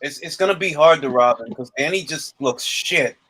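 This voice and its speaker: A man's voice: on the high side, normal speed, a bit bright. A man hosting a casual boxing talk show, with slangy banter. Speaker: host. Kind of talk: casual chat.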